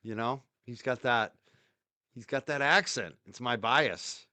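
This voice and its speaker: A man's voice: medium pitch, a little slow, pushed and bright, no echo. Boston man, co-host, loose rambling chat, mid-range voice. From north of Boston area. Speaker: livestream co-host. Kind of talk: casual livestream chat.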